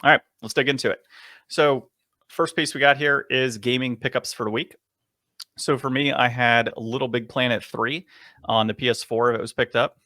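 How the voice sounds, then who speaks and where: A man co-hosting a podcast, telling a long story in a casual, animated way and chuckling often. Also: mid-range voice, normal speed, no echo, clean studio sound. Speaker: podcast co-host.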